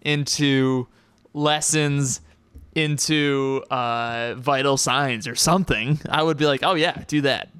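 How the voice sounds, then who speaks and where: A relaxed male podcast host chatting and signing off with listeners. His voice is smooth and crisp, recorded close and dry with no room sound. He talks loosely, with plenty of "uh"s and easy laughs. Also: mid-range voice, takes it slowly, no echo. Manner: laid-back, laughs easily, trails off with fillers. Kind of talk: casual podcast chat.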